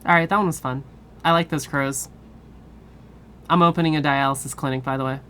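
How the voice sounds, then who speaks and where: A woman streamer chatting casually with her viewers, cursing freely and laughing often. Her voice is deep for a woman. A faint background hum sits under it. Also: steady tone, fairly quick, fairly bright tone. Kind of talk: casual live-stream chat.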